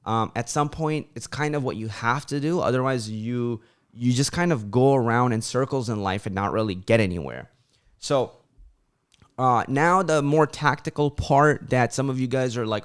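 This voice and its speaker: On his own livestream channel, a young man chats casually at a normal speed with a medium-pitched, clean-toned voice. His speech is loose and full of "like," and he does his friends' voices as he tells stories.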